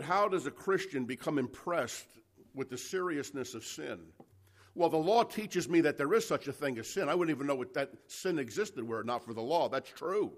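A man's voice: fairly high pitch, fairly bright tone. A man preaching an expository sermon to a congregation, emphatic and full of rhetorical questions. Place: church service before a congregation.

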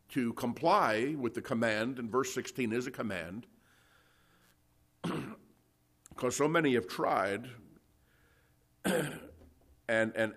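A male preacher working verse by verse through scripture in an ordinary mid-range voice. He talks emphatically, stammers through restarts and keeps clearing his throat. He often stops to check in with his listeners with "okay?" and "you see.". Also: medium pitch, fairly bright tone. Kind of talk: expository Bible teaching.

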